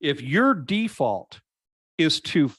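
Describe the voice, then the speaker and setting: A man guest in an interview, telling a personal story in an earnest, reflective way and slowing down to stress key points. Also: a little high, sing-song, a bit bright, breathy edge, no echo, studio quality. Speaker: podcast guest.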